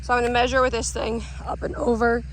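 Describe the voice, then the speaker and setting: A woman's voice: fairly high pitch, level tone, fast talker, rough recording. Chatty young woman farmer vlogging outdoors. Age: 20s. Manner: chatty, upbeat, self-mocking asides. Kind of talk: casual vlog narration. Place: outdoors on a farm. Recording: outdoor recording with clear background noise.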